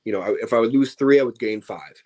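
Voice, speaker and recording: A man's voice: medium pitch, quick pace, a little mellow. A man, a professional wrestler, chatting casually as an interview guest, tired and rambling with many restarts and fillers. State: tired, yawning.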